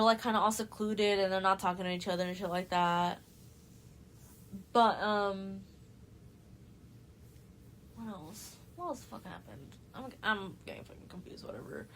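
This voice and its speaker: A woman's voice: medium pitch, a bit bright. Young female host, stoned, loose casual delivery, profane and giggly. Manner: laid-back, profane, giggly, lots of filler words. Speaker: podcast host. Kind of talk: casual chat retelling a book plot.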